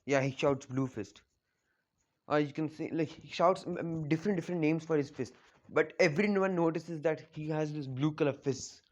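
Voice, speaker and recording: A man's voice: a little high, a little mellow. A man casually retelling a fan story, rambling with lots of restarts and filler words. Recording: dull lo-fi recording.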